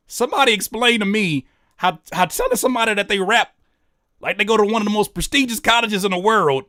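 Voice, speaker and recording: A man hosting a music reaction video, talking casually with animated, sarcastic disbelief. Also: sits high, fast, dry recording, studio quality. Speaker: rapper and YouTube reaction host.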